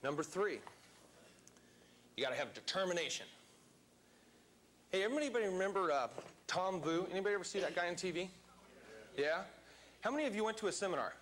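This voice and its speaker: A man's voice: sits high, expressive, a little fast, long pauses, fairly bright tone. A man giving a motivational seminar talk to a live audience in a seminar room, speaking emphatically and quizzing the crowd.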